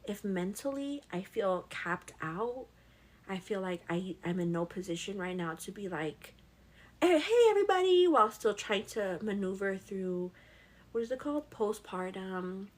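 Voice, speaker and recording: A woman's voice: mid-range voice, measured pace. A young pregnant woman hosting a casual live stream, reading viewer comments in a chatty, affectionate way and calling everyone "girl". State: pregnant with twins.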